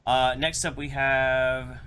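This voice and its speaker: A man's voice: mid-range voice, takes it slowly, smooth. A man co-hosting a podcast, reading viewer messages aloud and joking around in casual banter. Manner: animated, jokey, reads donor messages aloud. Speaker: podcast co-host reading Super Chats.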